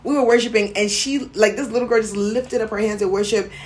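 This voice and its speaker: A young adult woman co-hosting a podcast, telling stories in an animated, chatty way. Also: fairly high pitch, fast talker. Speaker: podcast co-host. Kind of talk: casual chat.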